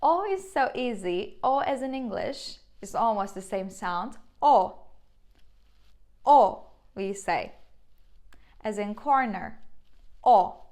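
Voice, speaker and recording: A young woman with a Turkish accent, teaching a beginner lesson on how to pronounce vowels, slowly repeating each sound. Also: mid-range voice, lively intonation. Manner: slow, patient, repeats sounds, exaggerated mouth demonstrations. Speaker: language teacher.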